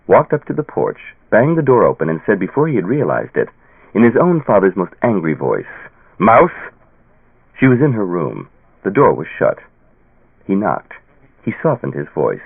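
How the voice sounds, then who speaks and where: Male audiobook narrator, measured expressive reading, gravelly voice, lively pitch, tinny phone-like dry sound. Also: dry recording. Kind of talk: scripted narration.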